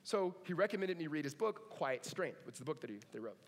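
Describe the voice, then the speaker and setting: A man preaching a sermon in a relaxed, conversational way, with joking asides and animated retellings of stories. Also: on the high side, fast talker, big-room sound. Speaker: pastor.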